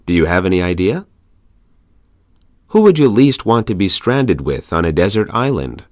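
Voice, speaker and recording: A lower-voiced man reads conversation questions aloud for a language course, his pitch rising and falling widely with each question. The delivery is measured and clear. The sound is close and dry, with no room around it. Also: very animated, a little mellow, dry recording. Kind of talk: scripted reading of practice questions.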